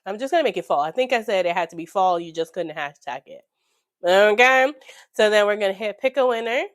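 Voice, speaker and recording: A slightly hoarse woman, chatting excitedly with viewers while walking through her budget at home. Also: medium pitch, a little fast, no room sound, studio quality. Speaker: budgeting YouTuber. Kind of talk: casual chat while budgeting. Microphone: desk microphone.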